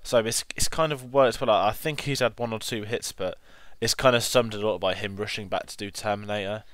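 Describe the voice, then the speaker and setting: A man co-hosting a casual film review, talking in a relaxed, rambling way with lots of "like" and "kind of". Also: on the low side, brisk.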